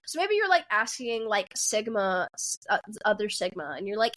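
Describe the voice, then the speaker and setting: A twenty-something woman rambles through a casual podcast chat, stopping and restarting her thoughts. Her voice sits a little high and swoops up and down with animated energy. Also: normal speed. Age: 20s. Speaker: podcast co-host.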